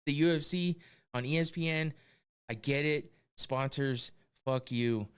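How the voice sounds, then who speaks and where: Man, casual podcast talk, exasperated, profane, mid-pitched voice. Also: unhurried, clear, resonant tone. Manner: profane, exasperated ranting with frequent laughs. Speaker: podcast host.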